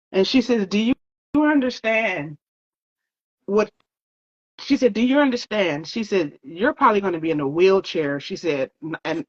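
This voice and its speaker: A woman with a slightly low voice recounts her story in an interview. She talks in a loose, conversational way, full of fillers and quoted exchanges. The recording sounds dull and lo-fi. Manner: conversational, often quoting others, many fillers.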